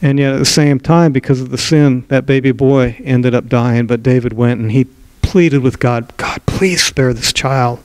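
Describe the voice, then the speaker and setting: A man's voice: mid-range voice, little pitch movement, moderate pace, a little mellow, clear, resonant tone, dry recording, poor audio. A male pastor preaching a sermon and retelling a Bible story in a conversational way, with small restarts.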